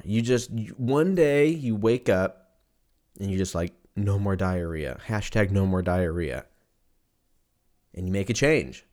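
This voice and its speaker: A man hosting a podcast, rambling through a crude, self-mocking comedic monologue with lots of swearing. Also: lowish voice. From Armenian and German heritage.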